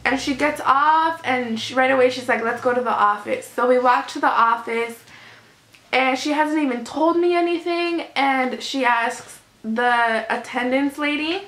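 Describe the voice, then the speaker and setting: Teen girl vlogger, chatty storyteller, high and bright, in a roomy space. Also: measured pace. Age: teens. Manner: chatty, lots of "like", emotional retelling. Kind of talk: storytime vlog. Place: home room in natural evening light. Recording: echoey room.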